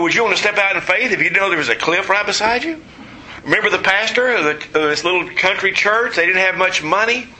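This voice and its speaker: A man's voice: high-pitched, pushed and bright, low-quality recording. A man preaching a sermon, emphatic, asking his listeners questions and answering them himself. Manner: emphatic, asks the audience questions.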